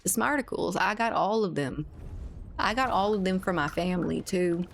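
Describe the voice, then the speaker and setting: A woman doing a brash folksy Southern pitchman. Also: normal speed, creaky, a little hiss or hum. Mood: boastful. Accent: Southern US put-on.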